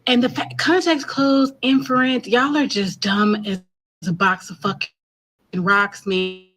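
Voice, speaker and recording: Bright-voiced woman on a profane rant. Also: mid-range voice, flat delivery, unhurried. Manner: blunt, exasperated, heavy swearing.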